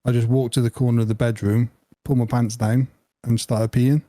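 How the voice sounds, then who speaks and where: A man co-hosting a podcast, telling a rambling anecdote in a relaxed, jokey way. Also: medium pitch, a little fast, no echo. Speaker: podcast co-host. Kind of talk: casual chat.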